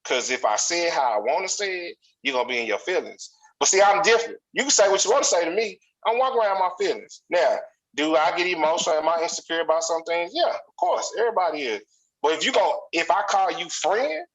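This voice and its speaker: Blunt, animated man talking straight. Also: on the high side, fast, poor audio. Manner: blunt, animated storytelling with slang. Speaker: podcast co-host. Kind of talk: casual chat.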